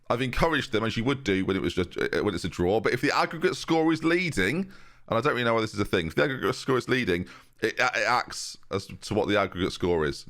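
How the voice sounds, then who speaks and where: A young man giving chatty, excitable commentary over a football management game, talking straight to his viewers. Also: mid-range voice. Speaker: game YouTuber. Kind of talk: let's-play commentary.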